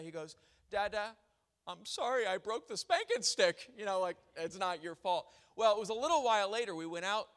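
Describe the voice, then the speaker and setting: A man's voice: sits high, sharp tone, long reverb tail. A young man preaching a sermon, mixing funny family stories with scripture reading. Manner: storytelling with humor, then reading scripture.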